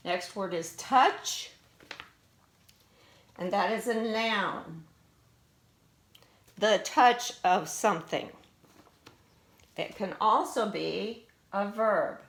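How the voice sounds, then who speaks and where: A woman teacher slowly explaining vocabulary words, their parts of speech and syllables, in a deliberate classroom manner. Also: medium pitch, a bit bright. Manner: slow and deliberate, explaining word by word. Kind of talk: vocabulary lesson.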